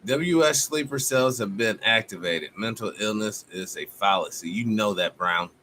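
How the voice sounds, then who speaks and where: On a live stream, a male host delivers a fiery, foul-mouthed monologue in the style of a preacher, veering between loud outbursts and low mutters. He speaks at a moderate pace, with a bit of background noise.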